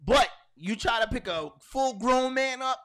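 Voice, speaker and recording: A man co-hosting a casual podcast, his pitch swinging widely as he rants. He tells stories in a loud, profane, animated way. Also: measured pace. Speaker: podcast co-host. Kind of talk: casual banter.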